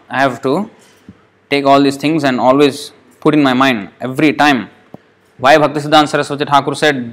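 A man's voice: mid-range voice, a bit bright. A man preaching a devotional sermon, telling stories with rhetorical questions, restarts and emphatic scolding passages. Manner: scolding, emphatic tone when addressing the mind.

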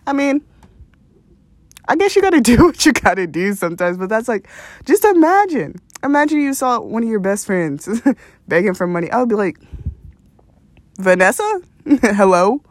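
A woman's voice: on the high side, big pitch swings, normal speed, dry recording. A young woman hosting a podcast, telling a rambling story in a casual, profane way and laughing often. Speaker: podcast host.

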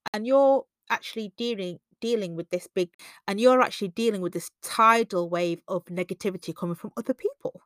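A woman hosts a self-help podcast in a relaxed, conversational monologue. She leaps into animated quoted voices now and then, and the recording is close and dry with no room sound. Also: a little fast, no echo. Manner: conversational, acts out quoted voices with big pitch jumps. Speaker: podcast host.

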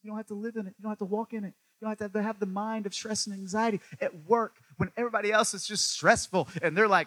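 Male preacher, sermon delivery; high, bright voice with a dry sound; repeats phrases and questions the listener, loud one moment and hushed the next. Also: fairly even intonation, fast talker, hardly any pauses, no echo. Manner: swings between loud emphatic lines and quiet low stretches.

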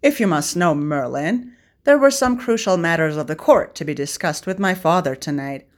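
A woman voicing a young prince who teases and commands in a slightly lowered, dry tone. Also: expressive, moderate pace, close to an everyday voice. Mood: teasing prince.

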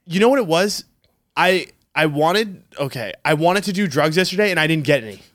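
A man with a high, lively voice chatting casually as a podcast co-host. He talks in loose, rambling bursts and swears offhand. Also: a little fast. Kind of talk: casual chat.

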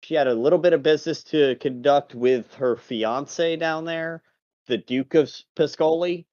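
A man's voice: fairly high pitch, normal speed, darkish tone, dry recording, close to an everyday voice. A man playing a captive guard captain, dull lo-fi. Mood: matter-of-fact.

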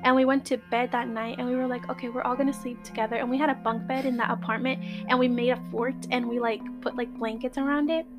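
A woman, a guest, telling a true scary story in casual, slangy talk, excitable and now and then swearing or dropping into Spanish. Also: a little high, fast talker, few pauses, over music.

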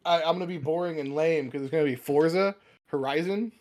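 A man in casual podcast chat, speaking in a dry, matter-of-fact way with deadpan asides. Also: on the high side, brisk. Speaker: podcast co-host.

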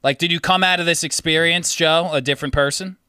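A man's voice: a little high, fairly even intonation, brisk, pushed and bright, clean tone, dry recording, clean studio sound. A man co-hosting a casual chat, wry and teasing, asking follow-up questions. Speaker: podcast co-host.

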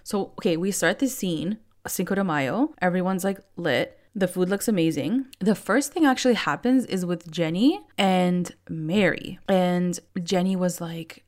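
A woman's voice: on the low side, a little slow, hardly any pauses, darkish tone. A young woman hosting a podcast, recapping a reality show in casual, chatty talk full of "like" fillers. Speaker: podcast host.

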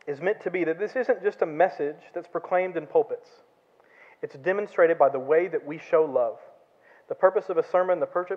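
A man giving an earnest sermon testimony in church, telling a parable with quoted voices. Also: a little high. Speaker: guest speaker. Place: church sanctuary. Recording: lo-fi, phone-like sound in a reverberant church hall.

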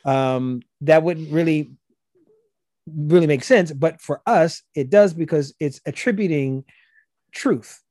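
A man's voice: on the high side, slow, a little mellow, no room sound, studio quality. A man with a Gullah Geechee accent, talking as a guest and explaining his language in a loose, conversational way with frequent restarts. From South Carolina. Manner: loose, repetitive restarts, acts out quoted voices.

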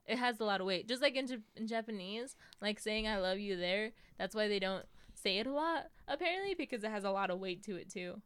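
A woman's voice: medium pitch, normal speed, fairly bright tone, smooth, no room sound. A young American woman chatting casually as a podcast host, telling stories with lots of "like" and "you know". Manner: acts out quotes in a raised voice. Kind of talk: casual chat.

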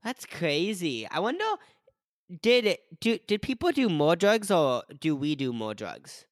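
A man's voice: a little high, sing-song, unhurried, no echo. Young guy on a podcast, giggly, says like a ton, voice jumps all over, dry close mic. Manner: giggly, says "like" constantly, trails off. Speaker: podcast co-host. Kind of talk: casual chat.

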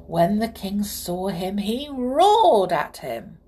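A woman reading a children's story aloud, expressive and hushed in places. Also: medium pitch, drawn-out words, a little hiss or hum. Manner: expressive, hushed and breathy at times.

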